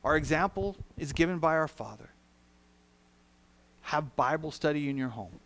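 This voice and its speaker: A male pastor preaching a sermon in a church, earnest, shifting from soft, quiet lines to loud, emphatic ones. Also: on the high side, animated, normal speed. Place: church sanctuary.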